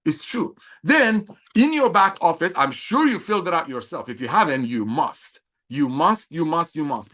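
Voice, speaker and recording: A man coaching a sales team, talking fast in a fairly high voice. His delivery is energetic and repetitive, pressing each point again and again with an evangelical, preachy zeal. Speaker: network marketing leader.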